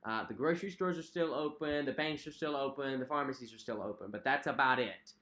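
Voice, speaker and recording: A young man chats casually on a home livestream, reading out viewer comments and reacting in a friendly way. His voice sits in a middle pitch, and he leans on fillers and repeated phrases as he talks. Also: a little fast, bright, forceful tone. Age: young adult. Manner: chatty, friendly, repeats himself, frequent fillers. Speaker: cruise vlog host.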